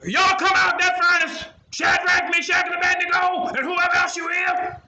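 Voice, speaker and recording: An older man voicing an angry, blustering ancient king who shouts his orders. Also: very high-pitched, very animated, unhurried, echoey room, pitched above the performer's own voice, exaggerated voice. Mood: astonished.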